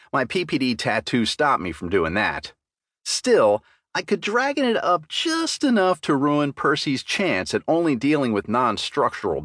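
A man's voice: medium pitch, a bit bright, no echo, clean studio sound. A man narrating a fantasy audiobook in first person with dramatic storytelling.

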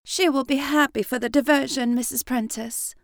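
A woman voicing a kind, earnest young woman from a period story who speaks warmly and pleadingly to her sister. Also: high-pitched, steady tone, normal speed, dry recording, studio quality, pitched above the performer's own voice. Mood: eager.

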